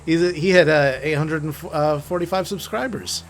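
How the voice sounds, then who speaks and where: A man's voice: fairly high pitch, big pitch swings, normal speed, slight background noise. Laid-back man greeting stream viewers. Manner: laid-back, stammers and restarts, reads out viewer names. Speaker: co-host of a live game stream, greeting chat viewers. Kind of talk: casual chat.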